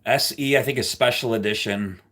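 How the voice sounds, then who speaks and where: This livestream host talks at a fairly quick clip in a medium pitch, keeping the chat casual as he jokes around and teases his audience. His animated delivery regularly erupts into loud, playful outbursts.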